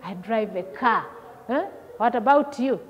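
A woman's voice: fairly high pitch, animated, measured pace, a little hiss or hum. Woman teacher drilling young children. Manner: call-and-response drilling, repeating each word, asking the children questions. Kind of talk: vocabulary lesson for young children. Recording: long hall echo, dull lo-fi sound.

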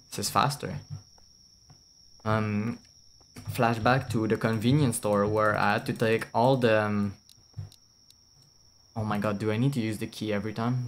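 A lowish-voiced man chats through a game stream, blunt and foul-mouthed, breaking into laughs as he reacts. A faint hiss sits under his voice. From France. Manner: blunt and swearing, laughs often. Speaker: VTuber streamer. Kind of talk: casual gameplay commentary.

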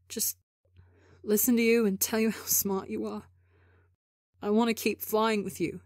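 A woman's voice: mid-range voice, a little mellow, dry recording, studio quality, close to an everyday voice. A woman reading a desperate, apologetic young man in a story, pleading with stammers and broken restarts. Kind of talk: audiobook character reading.

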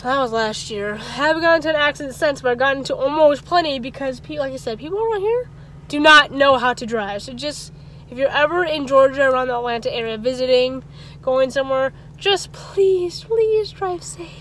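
Chatty and quick, a vlogger in her twenties rambles through a story with frequent small laughs, her high-pitched voice fairly bright. Outdoor traffic makes the background noisy.

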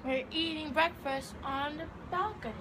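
A woman's voice: high-pitched, moderate pace. A young woman chatting bubbly and casual in a travel vlog, filming on a handheld phone. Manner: bubbly, filler-heavy chatter. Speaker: vlogger. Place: airport, hotel and beach on a trip. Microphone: handheld phone camera. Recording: noisy phone video.

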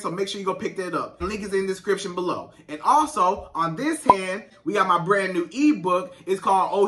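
A man's voice: high-pitched, sharp tone, far from the mic. A man, giving relationship advice in a vlog and talking straight to women in an emphatic, conversational way with lots of repetition. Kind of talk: direct-to-camera advice vlog.

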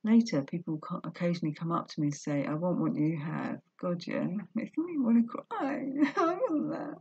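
A woman with a low, husky voice reads a book aloud on her vlog and pauses for earnest, confessional commentary. The recording is dry and dull, like a lo-fi home setup. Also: big pitch swings, a little mellow, dry recording. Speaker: vlogger reading a book aloud. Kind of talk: reading aloud with personal commentary.

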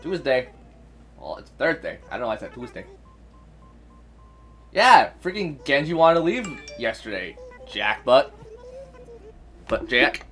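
A man's voice: mid-range voice, very animated, measured pace, pauses often, fairly bright tone, faint music behind. A man streaming a video game live, talking casually and muttering exasperated asides to himself.

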